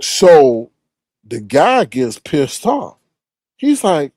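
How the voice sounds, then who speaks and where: A man casually telling a story, animated, swearing freely and acting out the other people's voices. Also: on the high side, takes it slowly, dry recording, clean studio sound.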